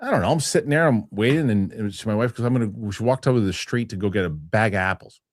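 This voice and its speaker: A man's voice: on the low side, quick pace, dry recording, studio quality. A man hosting a casual podcast, telling a story with many restarts and some swearing. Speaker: show host.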